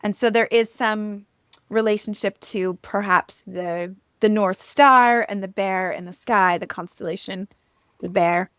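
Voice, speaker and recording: A woman's voice: medium pitch, fairly even intonation, a little slow, a bit bright, clear, resonant tone, no room sound, studio quality. A woman hosting a podcast, casually retelling a myth in a chatty way, with fillers and laughs. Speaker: podcast host. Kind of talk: casual storytelling chat.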